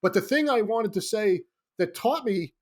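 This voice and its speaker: A middle-aged man, a screenwriter guest, telling a comic anecdote in a lively, animated way. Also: sits high, moderate pace. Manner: lively, comic storytelling with acted-out quotes.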